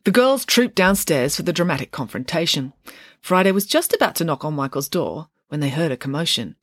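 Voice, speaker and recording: A woman author reading her own children's book aloud in an expressive storyteller manner. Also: sits low, brisk, no echo, clean studio sound. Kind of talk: audiobook narration.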